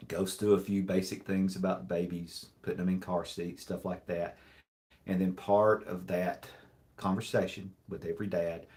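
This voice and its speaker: Low-voiced guy doing a casual live stream, super dry deadpan, keeps restarting and saying sorry. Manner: rambling, with frequent restarts and apologies. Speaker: livestream host. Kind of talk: casual livestream chat, reading jokes aloud.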